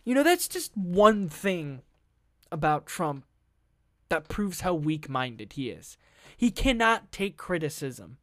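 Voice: medium pitch, very animated, slow pace, no room sound, clean studio sound. Profane, sarcastic news commentator. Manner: blunt, profane, sarcastic asides; stumbles and restarts while reading aloud. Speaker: video commentator. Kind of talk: casual news-reading commentary.

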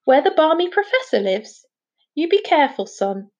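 An anxious middle-aged father fusses over his son and warns him to keep a secret, as a woman reading a storybook puts him on. He talks earnestly, the voice sits fairly high, and the sound is muffled and lo-fi. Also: big pitch swings, moderate pace, darkish tone. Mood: worried. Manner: worried, earnest, warning.

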